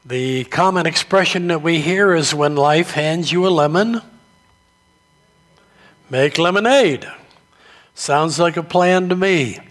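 A man preaching a sermon, telling stories slowly and deliberately. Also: on the high side, fairly bright tone. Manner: slow, deliberate storytelling delivery. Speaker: pastor.

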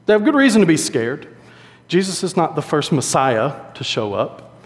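A man preaching a sermon in a conversational, animated storytelling way. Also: fairly high pitch, normal speed. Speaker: pastor. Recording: long hall reverb.

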